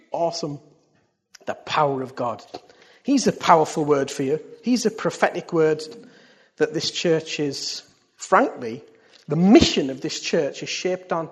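A man preaching a sermon to his church. He swings from loud exclamations to hushed asides and keeps asking the congregation questions. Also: fairly high pitch, expressive, measured pace. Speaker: pastor. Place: church service.

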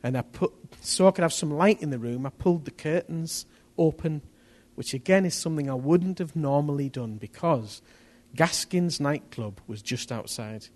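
A man preaching a testimony sermon, telling his story in an animated way that rises to near-shouts at the tense moments. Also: a little high, moderate pace.

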